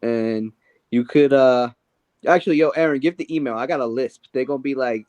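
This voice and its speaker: A man's voice: medium pitch, fairly quick, a little mellow. A man on a podcast as a guest, telling stories in a loose, rambling way with lots of fillers. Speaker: guest, event organizer. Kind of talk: casual podcast chat.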